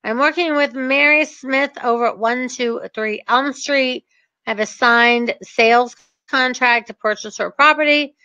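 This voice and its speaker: A woman who invests in real estate, teaching short sales in a brisk, emphatic and confident way. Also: sits high, sharp tone, no room sound. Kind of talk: teaching talk with acted examples. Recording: dull lo-fi dry recording.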